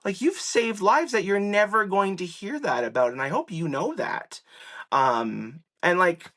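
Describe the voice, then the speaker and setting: A lively man talking as an interview guest, his tone bright and forward. He fills his talk with little fillers and laughs, and his pitch shoots up whenever he quotes someone. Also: unhurried. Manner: animated, voice jumps high when quoting people; chatty, many fillers and laughs. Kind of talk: casual interview storytelling.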